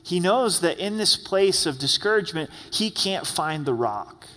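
A man's voice: high voice, animated, unhurried, fairly bright tone, long reverb tail. A man preaching a sermon as pastor in a conversational style, often acting out the words of the people he quotes. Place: church sanctuary.

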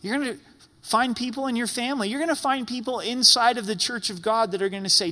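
A pastor preaches a sermon in a church sanctuary, his very high voice moving at a quick pace with a bright, forceful tone. He is emphatic, repeating phrases for effect, and the recording carries the long reverb of a large church hall.

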